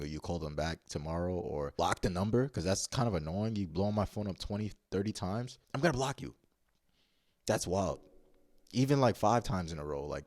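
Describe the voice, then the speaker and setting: A man with a very low voice tells a story in loose, profane slang, circling back and restarting his sentences. The sound is close and dry with no room around it. He is blunt and unfiltered. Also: a little mellow, no room sound. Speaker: vlogger. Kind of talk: casual story time.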